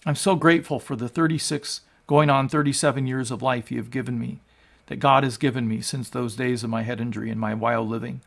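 A man in his sixties, a pastor preaching, moving from quiet teaching to loud, fervent proclamation. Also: mid-range voice, little pitch movement, brisk, gravelly. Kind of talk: sermon.

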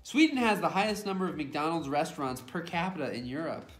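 A man's voice: on the high side, expressive, fairly quick. A man co-hosting a casual snack unboxing, reading product blurbs and fun facts aloud. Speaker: co-host. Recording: echoey room with music.

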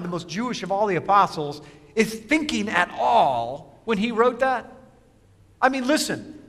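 A male pastor giving an emphatic sermon, asking rhetorical questions and alternating quick asides with slow, stressed phrases. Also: sits high, pushed and bright, long reverb tail.

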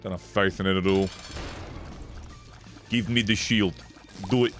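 This streamer's voice is deep and his pace measured as he jokes and curses his way through a game. Game music plays underneath his excitable commentary.

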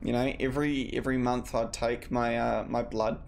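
A man's voice: mid-range voice, flat delivery, normal speed, gravelly, a little hiss or hum. A man streaming a game, joking and swearing casually as he plays. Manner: joking, swears freely, talks to himself. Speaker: gaming streamer. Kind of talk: casual let's play commentary.

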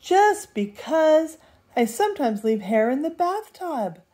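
A woman's voice: high voice, big pitch swings, slow pace, dark tone, pitched above the performer's own voice, full character voice. A woman reading a storybook aloud, voicing a hairy little dwarf man who complains in an indignant, raised voice.

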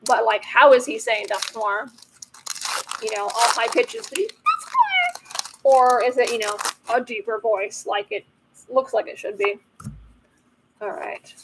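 A playful woman with a fairly high voice chats casually as she opens card packs. Her commentary is loose and joking. A faint hiss sits under her voice. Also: steady tone, measured pace, pauses often. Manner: chatty and playful, jokes about the cards. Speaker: host of a card-opening channel.

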